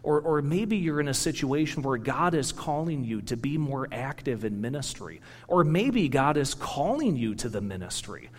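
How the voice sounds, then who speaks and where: A man's voice: medium pitch, very animated, moderate pace, hardly any pauses. A middle-aged man, a pastor, giving a sermon in a conversational, storytelling way with personal anecdotes. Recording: reverberant hall.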